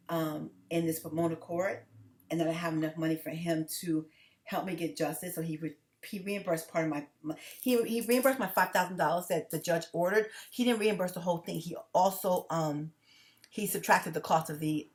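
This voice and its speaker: Speaking straight to camera, this woman delivers a loose, casual monologue full of restarts, repetition and blunt swearing, shifting from laughing outbursts to quiet near-whispers. Her voice sits on the low side.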